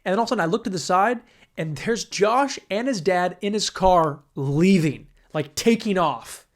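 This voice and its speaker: In a casual solo podcast, a young male host with a high, expressive voice spins a rambling, profane story at normal speed. He acts out each of the quoted voices as he goes.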